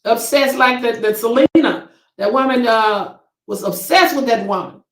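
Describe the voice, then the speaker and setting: A woman's voice: a little high, moderate pace, reverberant, rough recording. A woman hosting a casual commentary channel, reading viewer comments and reacting emphatically and preachily. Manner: emphatic, preachy, exclaims to the Lord.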